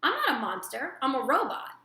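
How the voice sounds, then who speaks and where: A woman voicing a gentle, polite female robot in a storybook reading, with formal, measured speech. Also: sits high, wildly swooping pitch, voice pushed up, full character voice. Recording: roomy echo.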